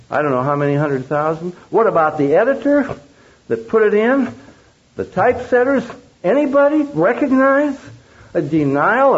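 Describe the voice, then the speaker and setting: A man preaching a sermon, emphatic and full of rhetorical questions to the audience. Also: high-pitched. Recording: dull lo-fi recording.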